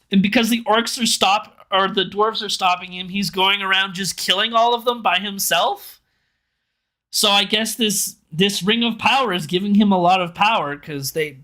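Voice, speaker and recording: A bright, forward voice of a live review streamer talking loosely into a desk mic. The delivery is animated and incredulous, with frequent laughs and rising disbelief. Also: mid-range voice, normal speed.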